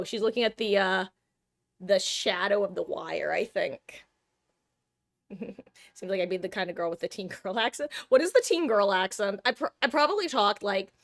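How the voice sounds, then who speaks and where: A woman's voice: mid-range voice, a bit bright, no room sound. A young adult woman from Southern California, streaming and chatting casually with viewers in a rambling, self-deprecating way with casual swearing.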